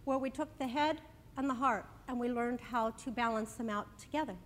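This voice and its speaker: A woman minister giving a sermon, then leading a slow, soothing guided breathing meditation at a church service. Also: on the high side, big-room sound, a little hiss or hum.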